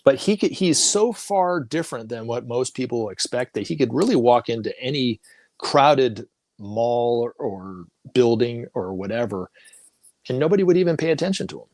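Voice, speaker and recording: This middle-aged talk show guest has a medium-pitched, somewhat dark voice with lively intonation and a moderate pace, with no echo. He rambles casually through a personal tale, restarting frequently and performing quoted dialogue.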